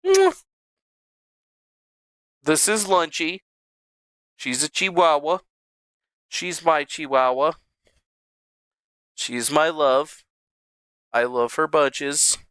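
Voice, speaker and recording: A man's voice: fairly high pitch, fairly even intonation, slow, pauses often, a bit bright, clear, resonant tone, no room sound. A man hosting a casual livestream from home, rambling and joking with a lot of swearing. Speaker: livestream host. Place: home streaming setup.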